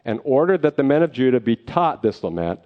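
A man's voice: medium pitch, big pitch swings, fairly quick. A middle-aged man preaching a sermon as a pastor, retelling a story earnestly and with energy. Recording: slightly dull lo-fi recording.

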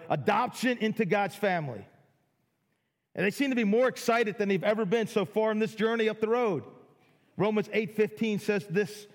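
A middle-aged man preaching a sermon, excitable and full of repeated words as he acts out people's amazement. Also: high-pitched. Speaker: pastor. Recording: long hall reverb.

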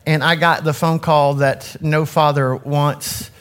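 A man's voice: on the high side, little pitch movement, slow pace, a bit bright, clean tone. A man in his forties, a youth ministry director, giving a candid, self-critical personal talk to an audience on a handheld mic, often restarting his sentences. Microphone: handheld microphone.

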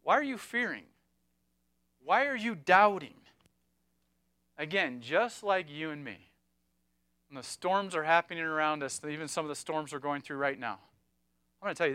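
A man preaching a sermon as pastor, talking emphatically and swinging between loud exhortation and hushed, quiet passages. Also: a little high, expressive, normal speed, long pauses, clean tone, no room sound.

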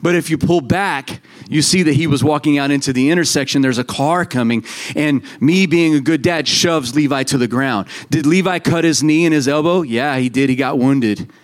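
A male pastor in his thirties preaches to his congregation. His voice sits slightly above the usual male pitch, and he keeps a relaxed, chatty delivery. He slips into quoted voices as he tells his stories. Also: normal speed. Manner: conversational, animated storytelling with quoted voices. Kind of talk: sermon.

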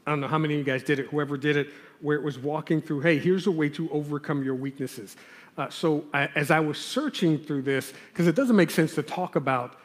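Earnest preaching man in a reverberant hall. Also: a little high. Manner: earnest, conversational preaching with emphatic stresses. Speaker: pastor. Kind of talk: sermon.

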